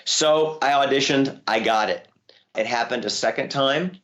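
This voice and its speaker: A man, a voice actor, telling stories in a casual interview with a lively manner. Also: normal speed. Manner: lively, jumps up in pitch when excited. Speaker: voice actor guest.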